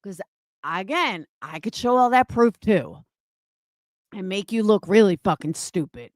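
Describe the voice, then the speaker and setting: On her livestream, a woman in her fifties rants profanely and scornfully, mocking her critics. Her mid-range voice is sing-song at a measured pace, captured with clean studio sound and no room sound.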